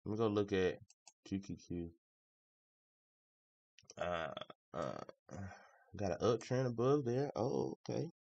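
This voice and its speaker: A man's voice: fairly low pitch, slow pace, vocal fry, long pauses, darkish tone, dry recording. A man trading live on a stream, talking in casual slangy commentary, grumbling and repeating himself. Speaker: day trader streaming live. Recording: dry, slightly muffled lo-fi audio.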